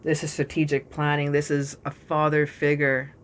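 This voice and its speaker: A woman giving a storytelling tarot reading in an excitable, dramatic and profane way. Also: deep voice, moderate pace. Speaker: tarot reader.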